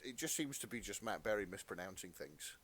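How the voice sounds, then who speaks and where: A man in his thirties co-hosting a casual podcast chat, with wry deadpan jokes. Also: low-pitched, a little fast, slightly rough. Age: 30s. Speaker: podcast co-host.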